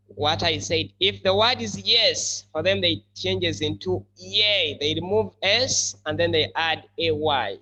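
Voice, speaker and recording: Guy teaching english to a class, real slow, says words twice, kinda muffled recording w/ a faint hum. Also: high-pitched, bright, forceful tone. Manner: slow, explanatory, repeats key words. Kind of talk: classroom lesson.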